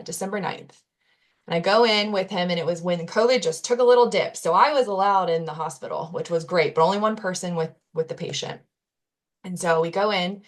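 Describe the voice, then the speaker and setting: A young adult woman, a podcast guest, telling a personal story in an earnest, candid way with casual fillers and restarts. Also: on the low side.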